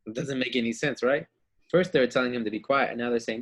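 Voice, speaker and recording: Male Bible teacher for children, husky, acts out characters. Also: fairly high pitch, fast talker. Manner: acts out story voices, asks kids questions.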